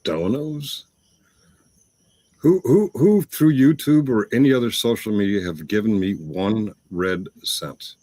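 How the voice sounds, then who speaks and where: A man with a lively, swooping pitch answers back in a sarcastic, defensive way and often stumbles over his restarts. The sound is dry and close, with no room around it. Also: measured pace, no room sound. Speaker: livestream debater. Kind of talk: heated livestream argument.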